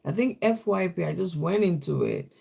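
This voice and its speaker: A man's voice: sits high, sing-song, normal speed, vocal fry, a little mellow, husky. A man hosting a live stream, telling a rambling story in casual chat.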